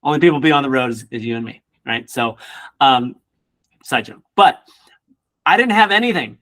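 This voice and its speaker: A man who works as a real estate coach, giving an energetic motivational class with casual joking asides. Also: medium pitch, moderate pace. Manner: energetic, acts out quoted people in voices.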